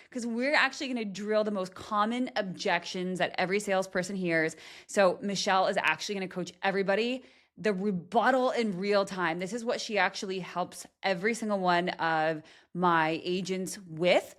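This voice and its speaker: A woman hosting a podcast interview, energetic and chatty, often tagging her points with "right?". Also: mid-range voice, normal speed. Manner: energetic, frequent "right?" tags, laughs often. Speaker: podcast host.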